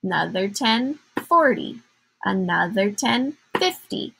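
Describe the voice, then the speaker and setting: A woman's voice: mid-range voice, expressive, slow pace, vocal fry, bright, forceful tone, breathy edge, poor audio. A woman teacher giving a patient math lesson to young children, counting aloud in a sing-song way.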